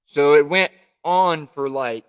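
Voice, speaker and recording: A man's voice: on the high side, takes it slowly, clear, resonant tone. A man co-hosting a casual live stream from home, chatting in an easygoing, rambling way. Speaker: livestream co-host.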